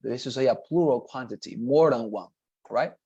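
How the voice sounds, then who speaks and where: A man teaching an online English lesson, repeating words slowly and checking in with "right?". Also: medium pitch, dark tone, breathy edge, no echo, dull audio. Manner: patient, repetitive, models pronunciations slowly, frequent "right?" checks.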